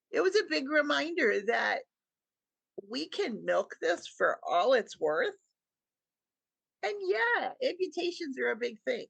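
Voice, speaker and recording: Woman, middle-aged, raspy gravelly voice, earnest guest storytelling, dry close mic. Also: on the high side, a bit bright, no room sound. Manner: earnest storytelling, acts out quoted dialogue. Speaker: podcast guest. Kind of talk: personal story in an interview.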